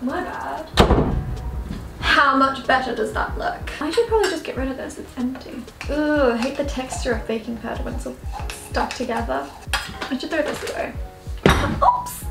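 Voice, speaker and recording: A woman's voice: sits high, moderate pace, creaky. A young woman vlogging in her home kitchen, chatty and self-mocking, often laughing and talking to her cat. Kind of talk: casual kitchen vlog chat. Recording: echoey kitchen, lofi music underneath.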